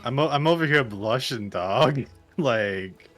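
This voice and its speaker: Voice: mid-range voice, animated, a little slow, fairly bright tone, faint music behind. A player chatting while gaming with friends, giggly and playful, stammering over words. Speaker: gamer on a group stream. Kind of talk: casual chat while gaming.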